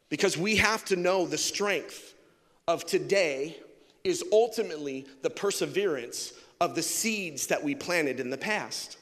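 A man's voice: a little high, fairly bright tone. A man preaching a sermon as pastor, impassioned and calling out to the congregation for responses. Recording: long reverb of a large hall.

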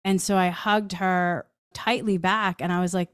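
A woman podcast host telling a personal story in an animated way, acting out her own lines of dialogue. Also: lowish voice, a little slow, hardly any pauses, clean tone, no room sound, clean studio sound.

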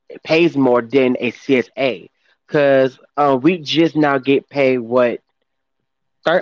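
A man co-hosting a casual gossip podcast, talking haltingly with lots of fillers and restarts. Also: a little high, no room sound, highs cut off. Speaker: podcast co-host.

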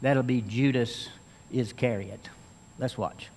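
A man's voice: mid-range voice, steady tone, slow pace, a little mellow, long reverb tail. A man preaching a sermon as pastor, earnest and explaining Scripture, rising to strong emphasis at times.

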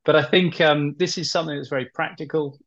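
A man hosting a podcast interview, relaxed and casual, with many ums and uhs. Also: on the high side, fast. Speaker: podcast host. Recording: slightly dull, lo-fi sound.

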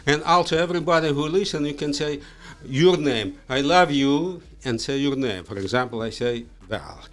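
A man talking as a studio guest in a slow, halting, playful way, with non-native grammar. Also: on the high side. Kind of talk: casual interview chat.

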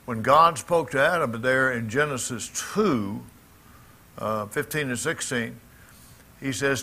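A man's voice: medium pitch, takes it slowly, sharp tone. A middle-aged man from Mississippi with a Southern accent, preaching a sermon to a congregation in an emphatic, folksy way with asides to the crowd. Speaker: pastor. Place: church congregation.

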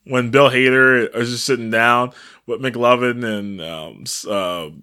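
A man's voice: medium pitch, fairly even intonation, unhurried, bright, forceful tone, clean tone. A young man in casual chat, laughing as he recaps movie scenes and acts out quotes.

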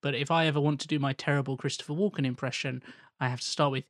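A man's voice: medium pitch, fairly even intonation, quick pace, no echo. A man chatting casually on a podcast, dropping dry joking asides. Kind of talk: casual chat.

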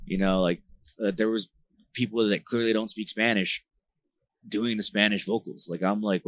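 A man with a very low voice chats loosely as a podcast guest, leaning on "like" and "bro" as he rambles through stories. The sound is close and dry, with no room echo. He grew up in New Jersey. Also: normal speed. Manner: rambling, filler-heavy slang talk with frequent "like" and "bro"; animated, gets louder when retelling tense moments. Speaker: band vocalist, podcast guest. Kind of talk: casual conversational storytelling.

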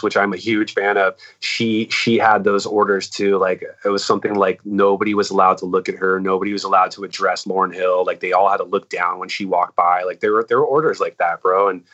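A musician talking in a casual, rambling way, swearing a lot and saying "like" and "dude" all the time. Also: male voice, low-pitched, a bit bright, highs cut off. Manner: rambling and profane, full of "like" and "dude". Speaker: musician in a band. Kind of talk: casual chat.

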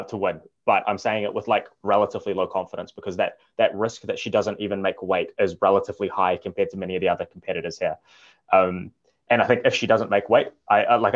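A man with a very deep voice speaks in a measured, hedging way on a casual panel. His sound comes through dull and lo-fi. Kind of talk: casual chat.

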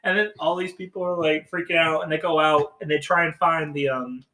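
Man co-hosting a podcast, bright voice, lively storytelling style, fairly high pitch. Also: a little fast, low-quality recording. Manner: animated storyteller, acts out quotes. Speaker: podcast co-host. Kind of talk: casual chat.

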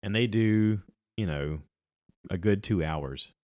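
A man's voice: sits low, takes it slowly, a little mellow, dry recording, clean studio sound. A middle-aged man chatting casually on his own about movies and podcasts, rambling with many ums and restarts.

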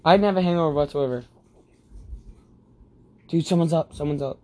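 A man's voice: fairly high pitch, brisk, warm tone, no echo. A young man co-hosting a podcast at home, tipsy, rambling and crude in casual chat. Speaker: podcast co-host.

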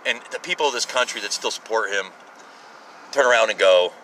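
A man's voice: fairly low pitch, brisk, pushed and bright. A man in his thirties hosting a podcast from his car, ranting in a profane, rambling way that keeps interrupting itself. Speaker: podcast host. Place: inside a moving car. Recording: distant car mic with road noise. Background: faint road and traffic noise.

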